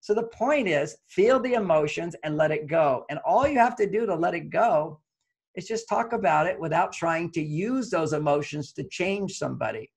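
Man, high voice, relationship therapist, earnest advice talk, repetitive explanations. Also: lively intonation, moderate pace, husky. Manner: earnest, explanatory, repeats key phrases.

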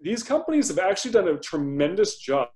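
A man, a guest investor in an interview, explaining in a measured, conversational way and often repeating a word as he starts a thought. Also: high voice, sing-song, darkish tone.

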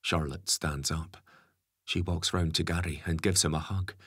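A man narrating an audiobook in a steady, expressive storytelling manner. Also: low-pitched, normal speed, slightly rough, no echo, clean studio sound. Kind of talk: scripted narration.

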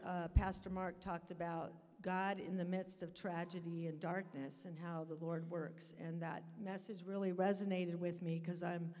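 A woman's voice: lowish voice, darkish tone, big-room sound. A woman sharing a testimony at the front of a church, speaking in an earnest, hesitant way. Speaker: church member giving testimony. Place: church sanctuary.

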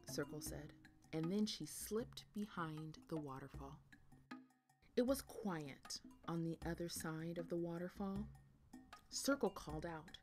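A woman reading a children's picture book aloud in a slow, expressive storybook manner. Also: on the low side, soft background music.

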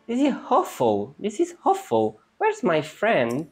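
A woman's voice: lowish voice, wildly swooping pitch, takes it slowly, a little mellow, pitched above the performer's own voice, full character voice. A woman voicing a small, lost male forest sprite from a video game with a sing-song put-on accent. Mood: plaintive.

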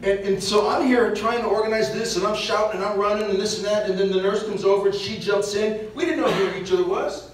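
A man's voice: sits high, fast talker. A man giving a parish mission talk, telling stories and acting out what people said. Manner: animated storyteller acting out quotes. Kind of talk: storytelling talk to a church audience. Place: large church. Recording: echoey church, distant mic, faint hiss.

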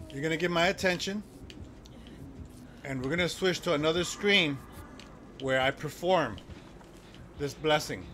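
Chatty male game streamer, slightly high voice. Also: a bit bright, slight background noise. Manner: loose, chatty, talks to chat and the game. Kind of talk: casual live-stream chat while gaming.

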